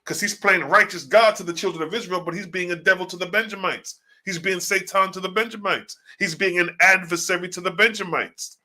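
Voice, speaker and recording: An online religious teacher does a casual, slang-heavy livestream on scripture, posing rhetorical questions and reading passages aloud. His voice is high, pushed and bright, with fairly even intonation, and he talks briskly with few pauses.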